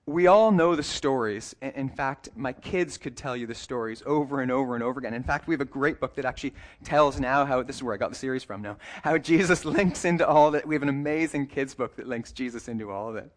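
A male pastor delivering a sermon at a middle pitch, loose and chatty, correcting himself mid-sentence and tossing in small jokes. When he reads scripture he slows right down and lingers on each phrase. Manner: conversational preaching with self-corrections and light humor; reads scripture passages slowly and deliberately.

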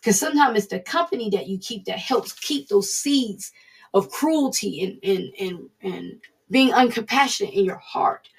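Gravelly-voiced woman teaching scripture. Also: medium pitch, animated, normal speed. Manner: earnest, conversational, encouraging. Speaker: Bible study teacher. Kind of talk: devotional Bible teaching.

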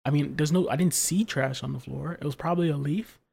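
Co-host, mid-range voice, animated exasperated storytelling in casual chat. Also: medium pitch, a little fast, vocal fry, husky. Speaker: podcast co-host.

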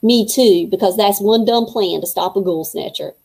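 A woman's voice: mid-range voice, moderate pace, vocal fry, mellow, breathy edge. A woman voicing a blunt, teasing young mummy girl in a storybook reading.

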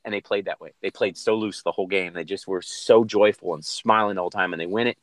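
A man's voice: deep voice, fairly even intonation, quick pace, no echo. A middle-aged man, a coach, telling reflective stories in an interview, rambling with restarts. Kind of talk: interview storytelling.

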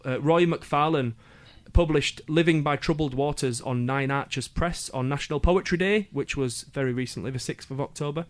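A man with a Yorkshire accent presenting a radio roundup of poetry events, chatty with jokey asides and frequent ums. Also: mid-range voice. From Yorkshire, England. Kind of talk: casual radio event listings.

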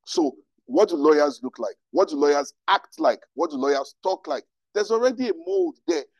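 A male pastor teaches a room of listeners. He keeps throwing rhetorical questions at them. His fairly high voice swoops constantly, and the sound is dry and close. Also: moderate pace, no room sound, dull audio. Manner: animated, rhetorical questions to the audience. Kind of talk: teaching talk to a live audience. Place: room with an audience.

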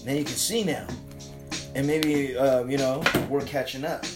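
A man's voice: mid-range voice, a little slow, over loud music, poor audio. A man chatting casually on a podcast, rambling and swearing constantly. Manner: profane, rambling, animated. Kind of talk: casual chat.

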